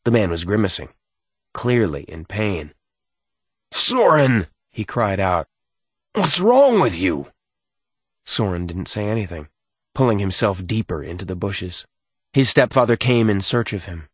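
Husky low-voiced male narrator. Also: normal speed, no room sound. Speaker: audiobook narrator. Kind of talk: scripted narration.

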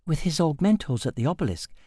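A man's voice: fairly high pitch, sing-song, fast, mellow, husky, no room sound, pitched above the performer's own voice. Man doing a bold young woman rebel, urgent and lifted, dry close read. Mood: eager.

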